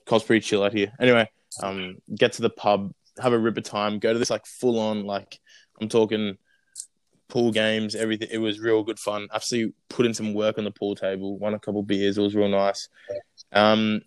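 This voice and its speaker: A man's voice: fairly low pitch, smooth, no echo, poor audio. A young man with an Australian accent telling a long casual story as a guest, rambling with lots of fillers and restarts.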